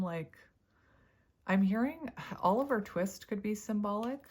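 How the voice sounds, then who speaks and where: A woman's voice: mid-range voice, expressive, measured pace, darkish tone. A woman giving a casual tarot reading to camera, chatty and thinking aloud as she goes, often breaking into laughter. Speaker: tarot reader.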